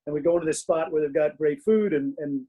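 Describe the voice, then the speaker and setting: A middle-aged man with a voice a little high for a man, chatting easily as a guest in a casual interview. He tells self-mocking stories and laughs through them, speaking from his home den. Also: fast talker, warm tone, breathy edge, rough recording. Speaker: guest author.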